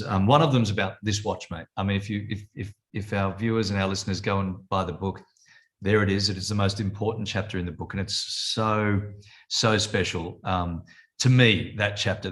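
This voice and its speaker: A man's voice: fairly low pitch, brisk. A man in his fifties with an Australian accent, a TV presenter telling stories as a guest in a casual chat. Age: 50s. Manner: jokey storyteller, animated retelling of conversations. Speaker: television presenter and author, guest.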